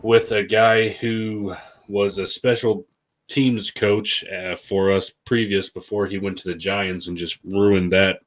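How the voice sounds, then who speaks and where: A man's voice: fairly low pitch, level tone, takes it slowly. A young man co-hosting a casual sports podcast, talking about his football team with sarcastic asides and frequent laughs. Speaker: podcast co-host, Patriots fan.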